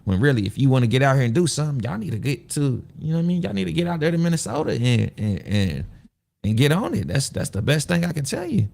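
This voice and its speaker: A man's voice: medium pitch, sing-song, fast, creaky, a little mellow. A man hosting a casual livestream, talking loosely, rambling, repeating himself and putting questions to his viewers. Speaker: show host.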